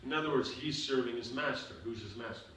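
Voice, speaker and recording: A man's voice: medium pitch, quick pace, fairly bright tone. Echoey, distant man teaching a seminar. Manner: explains with repeated examples and frequent "you know" and "you understand?". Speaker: spiritual teacher answering seminar questions. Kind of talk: seminar Q&A lecture. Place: seminar room. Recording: echoey room, far from the mic, faint noise.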